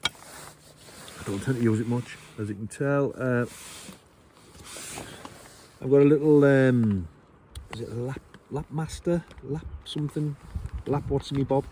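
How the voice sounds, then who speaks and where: A man's voice: medium pitch, unhurried, long pauses, dark tone, a little hiss or hum. A man, chatting casually and self-deprecatingly with lots of ums and ers while sheltering under a tarp in rainy woods. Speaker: bushcraft vlogger. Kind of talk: casual rambling gear talk. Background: rain falling.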